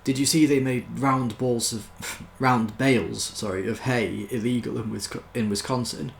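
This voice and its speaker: British man, casual joke reading, self-mocking, gravelly voice, echoey room. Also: mid-range voice, fairly even intonation, moderate pace, slight background noise. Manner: amused, self-mocking, chuckles between jokes. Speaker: YouTuber.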